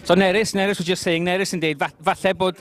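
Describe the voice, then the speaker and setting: Welsh man, high voice, fast talker, hosting a street chat and mixing two languages. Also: steady tone. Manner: switches between Welsh and English mid-sentence. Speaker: host. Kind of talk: bilingual street discussion.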